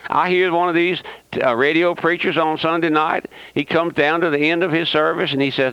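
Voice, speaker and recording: Fervent and folksy, this radio preacher keeps repeating himself and throwing rhetorical questions at his audience with a sarcastic edge. His voice is a little high and smooth, with fairly even intonation at a moderate pace, and the recording is dry, muffled and lo-fi with no room sound.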